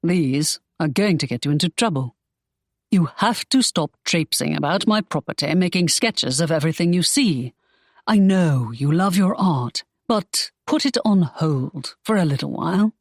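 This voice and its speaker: A woman's voice: low voice, lively intonation, normal speed, dry recording, clean studio sound. A woman reading an audiobook, voicing a brusque, scolding young man. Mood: stern. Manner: curt and scolding. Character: stern, brusque young man, a secretive pirate. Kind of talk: audiobook character voice.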